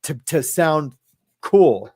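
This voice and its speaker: A man's voice: a little high, expressive, takes it slowly, a little mellow. Rambling man in casual chat. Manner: rambling, hesitant, many fillers and restarts; swears casually. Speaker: podcast host.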